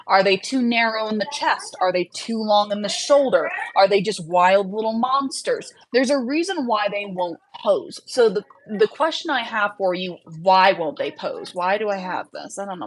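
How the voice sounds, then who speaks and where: A woman's voice: mid-range voice, slight background noise, poor audio. A tired woman hosting a casual livestream chat, rambling and trailing off as she works on her screen, laughing often mid-sentence. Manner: chatty, rambling, trails off while working on screen. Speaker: livestream host.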